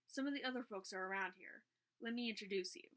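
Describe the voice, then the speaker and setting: A woman's voice: medium pitch, close to an everyday voice. A woman reading aloud, voicing a cheerful, upbeat male tour guide in a storybook. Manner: bright, brisk, friendly.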